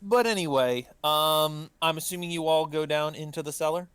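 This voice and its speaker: A man's voice: on the high side, moderate pace, fairly bright tone, clean tone, no echo. A man running a tabletop game as game master, narrating with many ums and uhs. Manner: hesitant, full of ums and uhs.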